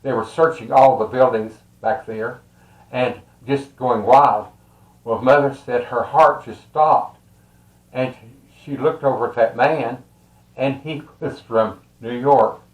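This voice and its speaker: An older man with a Texas accent tells a family story in a casual, rambling way, with many fillers and soft chuckles. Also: medium pitch, steady tone, takes it slowly. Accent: Texan. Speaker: storyteller and tarot reader. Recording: roomy echo.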